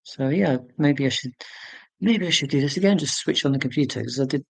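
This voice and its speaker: Fairly quick and touched with vocal fry, this mid-range voice belongs to a UK man in his forties running a casual live stream. He chats and rambles through viewer comments, filling gaps and correcting himself, on a low-quality recording with no room sound.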